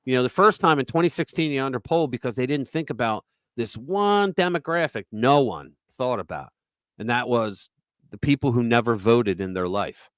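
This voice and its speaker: An emphatic man hosts a political talk show at a middle pitch. He tells stories conversationally, with frequent asides. The dry recording puts his voice close to the mic. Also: expressive, moderate pace, dry recording. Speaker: host.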